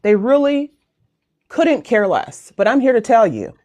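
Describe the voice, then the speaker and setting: A talkative American woman in her forties hosts a live online town hall over a video call. She chats and jokes her way along in a fairly high voice, swinging her pitch up and down. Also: very animated, unhurried, dark tone, a little hiss or hum. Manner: chatty, joking, rambling. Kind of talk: casual livestream chat.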